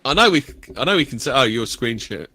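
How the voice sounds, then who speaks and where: A man co-hosting casual livestream banter, crude, teasing and quick to laugh. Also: medium pitch, very animated, bright, forceful tone, a little hiss or hum. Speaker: co-host.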